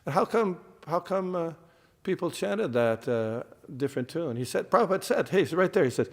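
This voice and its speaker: A man's voice: a little high, expressive, a little fast, hardly any pauses, big-room sound. A man giving a devotional scripture class, explaining terms and quizzing his listeners, with many fillers and restarts.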